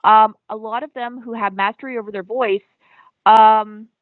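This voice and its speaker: A woman's voice: fairly high pitch, fairly even intonation, normal speed, no room sound. Woman on a tinny, phone-like line. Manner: chatty, many ums and you-knows. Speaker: comic creator guest. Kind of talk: casual interview chat.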